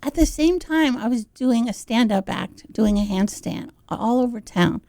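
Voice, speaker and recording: High-pitched lady on a radio interview, super animated storyteller, dry close mic. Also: unhurried, creaky, dry recording. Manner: animated, acts out the people in her stories. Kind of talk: casual storytelling chat.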